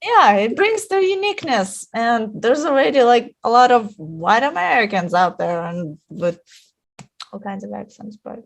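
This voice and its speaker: A woman's voice: on the high side, animated, moderate pace, vocal fry. A woman hosting a casual interview, asking questions hesitantly with many fillers. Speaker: interview host.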